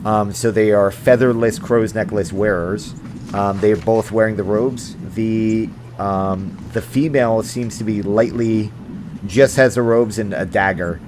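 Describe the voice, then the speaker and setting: A man narrating a tabletop game as game master, with halting speech and plenty of fillers. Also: fairly low pitch, steady tone, background noise. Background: music.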